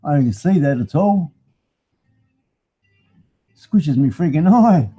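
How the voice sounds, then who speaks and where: Middle-aged Aussie bloke hosting a live stream from his garage on a phone webcam; mellow, a touch high, rambling and mildly sweary. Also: expressive, slow pace, husky. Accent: Australian. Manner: rambling, chatty, mildly swearing, laughs often. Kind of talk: casual live-stream chat. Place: home garage with motorbikes. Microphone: phone used as webcam.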